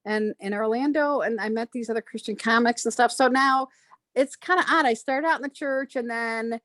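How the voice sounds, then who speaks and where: A woman's voice: fairly high pitch, moderate pace, no echo. A middle-aged woman from Chicago, a stand-up comedian, rambling through casual podcast chat with many restarts. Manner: rambling, restarts, animated quoting.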